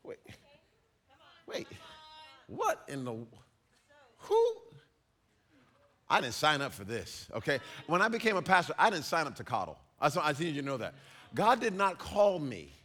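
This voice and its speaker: A man preaching as a pastor, animated and acting out little scenes in put-on voices. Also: on the high side, measured pace, long pauses. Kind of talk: sermon.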